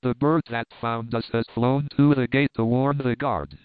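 A man's voice: medium pitch, fairly even intonation, a little slow, clear, resonant tone, no echo, natural voice. Anxious, superstitious guide read by a man, dry phone-like audio. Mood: fearful. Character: fearful male native guide, timid and superstitious. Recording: dry, tinny phone-like sound.

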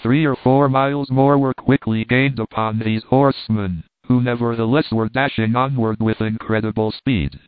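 Man, audiobook narration, steady, measured, lo-fi phone sound, no room echo. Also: mid-range voice, clean tone. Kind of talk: audiobook reading. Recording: tinny phone-like dry sound.

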